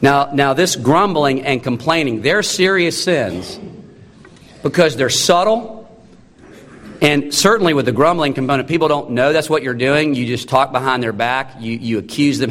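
A man in his thirties preaching a sermon, emphatic, with sudden drops to a low, slow, solemn tone. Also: fairly bright tone. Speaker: pastor. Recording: long reverb of a large hall.

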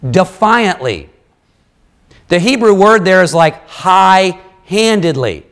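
A man preaching a sermon, reading scripture and explaining it with lively, conversational asides. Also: high voice, slow pace. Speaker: pastor.

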